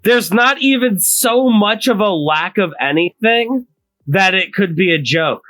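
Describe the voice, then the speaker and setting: A podcast co-host in relaxed, playful conversation. The voice is bright and slow-paced, with lively pitch that rises and falls a lot. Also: rough recording. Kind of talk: casual chat.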